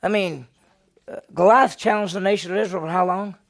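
A man with a gravelly, slightly high voice teaches a Bible lesson as senior pastor. He tells the story with animation and keeps asking his listeners questions. His delivery is lively and conversational. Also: a little fast.

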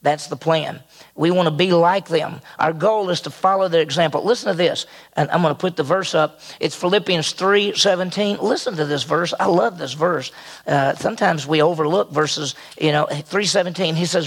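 An older man preaching a sermon, animated and acting out quotes with jumps in pitch. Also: moderate pace, creaky. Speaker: pastor.

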